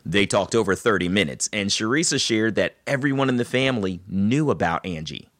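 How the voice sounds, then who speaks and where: A man's voice: on the low side, expressive, brisk, a bit bright, dry recording, studio quality. A man interviewing a guest and narrating her story between her answers, with affirming reactions.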